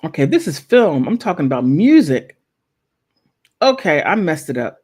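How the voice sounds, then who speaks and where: A woman's voice: deep voice, big pitch swings, moderate pace, a little mellow, breathy edge. A woman hosting her own channel, talking casually while she browses online, thinking aloud with many restarts. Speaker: channel host.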